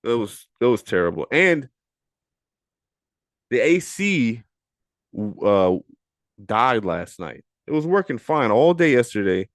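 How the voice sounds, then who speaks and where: A man's voice: mid-range voice, big pitch swings, takes it slowly, pauses often, dry recording, studio quality. A man in his thirties hosting a podcast, opening with a rambling, giggly, profane and self-deprecating solo chat. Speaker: podcast host. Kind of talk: casual solo intro.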